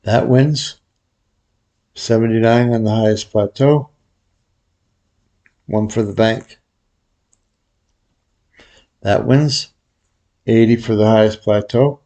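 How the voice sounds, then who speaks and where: A man with a fairly low voice gives casual play-by-play of his bets, talking in a relaxed way that often drops to a mutter. He talks straight to his viewers as he tracks each hand. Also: takes it slowly, pauses often, muffled recording. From Vegas pro. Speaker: baccarat video host.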